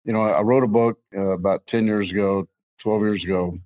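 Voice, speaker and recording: A man's voice: lowish voice, fairly even intonation, a little fast, a little mellow, poor audio. Jokey middle-aged man hosting a faith podcast. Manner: rambling, jokey, laughs often. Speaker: co-host. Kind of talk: casual faith podcast chat.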